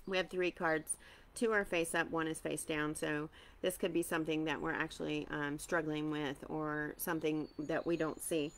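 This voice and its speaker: A woman's voice: low-pitched, level tone, normal speed, a little hiss or hum. A woman doing a chatty live-streamed tarot reading, greeting viewers by name, with a tickled throat that keeps making her cough. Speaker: tarot reader.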